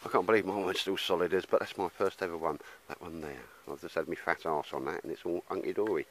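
Deep-voiced bloke vlogging outdoors. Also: male voice, steady tone, quick pace. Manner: blokey, rambling, says "mate" a lot. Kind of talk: casual chat to camera in the woods. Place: woodland outdoors. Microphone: handheld camera.

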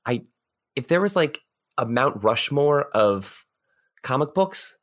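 A man's voice: medium pitch, expressive, takes it slowly. Rambling podcast guest, a man. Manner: rambling, frequent restarts and repeated words. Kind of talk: casual interview chat.

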